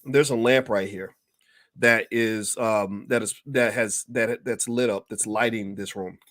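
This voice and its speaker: A man's voice: fairly low pitch, steady tone, unhurried, fairly bright tone, no room sound. Emphatic preacher-like man in a dry room. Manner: preacher-like, emphatic, repeats key phrases for effect. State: coughing, clearing throat. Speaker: online commentator addressing his audience. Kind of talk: impassioned livestream commentary. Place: his home.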